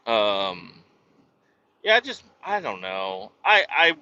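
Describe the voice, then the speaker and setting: A man's voice: on the low side, sing-song, takes it slowly, pushed and bright, clean tone. A man driving a truck and vlogging from the cab, rambling about family and swearing at his sluggish truck. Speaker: truck driver. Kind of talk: casual vlog while driving. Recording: dull lo-fi sound.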